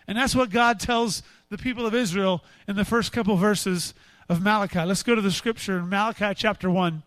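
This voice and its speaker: High-voiced, bright preaching man. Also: fairly quick, no echo. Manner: animated, acts out quotes and voices. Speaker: pastor. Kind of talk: sermon.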